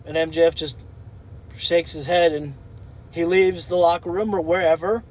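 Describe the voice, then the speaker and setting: A man's voice: fairly high pitch, fairly even intonation, moderate pace, poor audio. A man talking casually in an opinion vlog, rambling and thinking aloud with fillers. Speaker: wrestling commentator.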